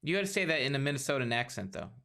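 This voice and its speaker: An easygoing male co-host who keeps the show moving, his pitch bouncing up and down as he reacts. He has a middling pitch and quick, good-humored replies. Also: sing-song, vocal fry, pushed and bright. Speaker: podcast co-host. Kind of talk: casual podcast chat.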